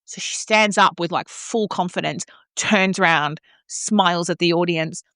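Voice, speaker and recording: A woman's voice: fairly low pitch, measured pace, a bit bright, no echo, clean studio sound. An Australian woman co-hosting a podcast in casual chat, rambling and teasing as she tells stories. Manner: chatty, rambling with restarts, teasing. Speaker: podcast co-host.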